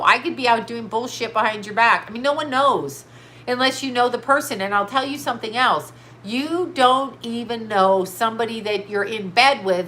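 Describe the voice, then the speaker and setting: A woman's voice: mid-range voice, bright, forceful tone, slight background noise. A woman hosting a casual psychic livestream, chatting in a scattered, blunt way and reading viewer comments aloud, her nose stuffed up. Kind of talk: casual rambling livestream chat.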